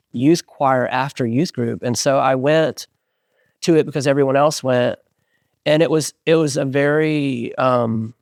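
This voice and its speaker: Singer guy in his 40s telling stories, lively, acts out the voices, dry studio sound. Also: mid-range voice, no room sound. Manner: animated storyteller, acts out quoted voices. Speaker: band singer, interview guest. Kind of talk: casual storytelling interview.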